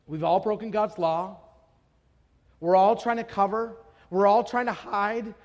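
A man's voice: sits high, steady tone, unhurried, big-room sound. A man from Idaho preaching a sermon, telling stories and asking the audience rhetorical questions, building to emphatic declarations.

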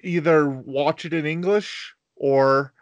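A man's voice: a little high, slow, dry recording. A man co-hosting a podcast, explaining at length in casual chat and acting out quoted lines. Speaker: podcast co-host.

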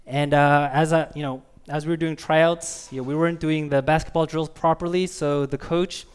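A man preaching a sermon as pastor, talking conversationally with the congregation and asking them questions, and reading scripture slowly with emphasis. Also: fairly high pitch, clean tone. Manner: conversational, asks the listeners questions.

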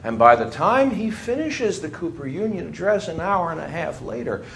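A man's voice: on the high side, moderate pace, gravelly, slight background noise. A man giving a history lecture to a class, telling stories animatedly and laughing as he talks. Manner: animated storyteller, laughs while talking. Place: lecture room with students.

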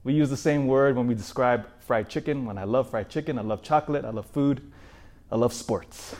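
A man preaching a sermon in an animated way, asking his listeners rhetorical questions. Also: mid-range voice, moderate pace.

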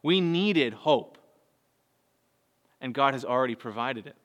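A man, preaching a sermon earnestly, moving between soft low passages and raised, urgent bursts. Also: lively intonation, unhurried. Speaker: pastor. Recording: long hall reverb.

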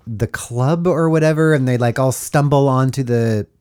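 A man's voice: mid-range voice, moderate pace, smooth. A man hosting a podcast, recapping a horror film in a casual, joking way and acting out the characters. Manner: animated, joking, acts out characters. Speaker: podcast host.

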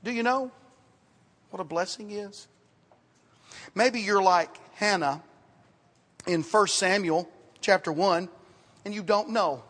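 A man preaching a sermon as pastor, in a conversational style, repeating words and dropping to quiet asides. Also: high voice, takes it slowly, long pauses. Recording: reverberant hall, sometimes off mic.

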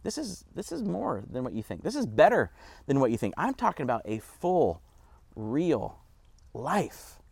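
A man voicing a calm, earnest male teacher who explains patiently. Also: medium pitch, measured pace, creaky, husky, no room sound, full character voice.

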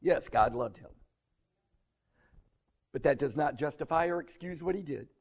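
Casting: male pastor, fairly high voice, earnest conversational sermon, slightly muffled recording. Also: lively intonation, moderate pace, a little mellow. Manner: earnest, conversational preaching with rising emphasis.

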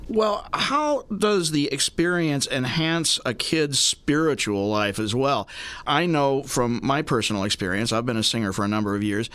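A man hosting a radio interview, asking measured, curious questions. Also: medium pitch, expressive, fairly bright tone, clean tone, no room sound. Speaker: radio host.

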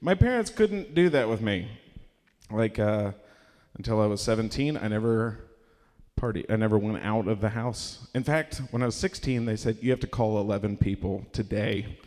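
A man's voice: lowish voice, expressive, normal speed, a little mellow, in a large hall. Rambling young man telling a stand-up story. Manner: rambling, self-mocking, acts out quotes in raised voices. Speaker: stand-up comedian. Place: live comedy venue.

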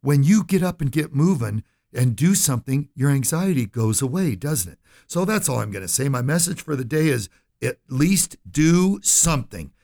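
Gravelly, folksy male radio host. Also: medium pitch, animated, normal speed, darkish tone. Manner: folksy and emphatic, keeps asking "right?" and "okay?". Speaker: financial advisor and radio show host. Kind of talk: radio talk show, direct address to listeners.

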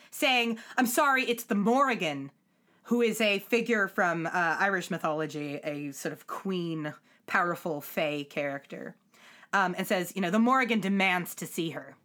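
A woman podcast co-host, recapping a show in casual chat and acting out characters' lines. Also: medium pitch. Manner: animated, acts out character lines in put-on voices.

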